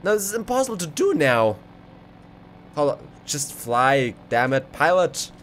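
A man giving excitable let's play commentary, exclaiming and rambling as he goes. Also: fairly high pitch, a little slow. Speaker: gaming video creator. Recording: clear background game noise.

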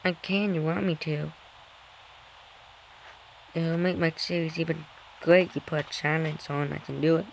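A young male voice, slightly high and drawn-out, commenting on a mobile game with nervous, self-conscious exclamations. His speech comes slowly over a clearly noisy background. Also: little pitch movement. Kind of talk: casual gameplay commentary. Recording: noisy background during gameplay.

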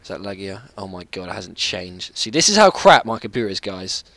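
Young guy chatting over his gameplay, bright voice, keeps saying sorry and yelping at the game. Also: sits low, sing-song, a little fast, no room sound. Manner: chatty, apologetic, laughs and yelps at the game. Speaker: gaming channel host. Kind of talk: casual gameplay commentary.

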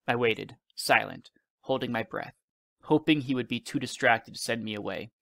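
A male teacher reading a novel aloud in measured storytelling narration. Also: medium pitch, gravelly, a bit bright, no echo.

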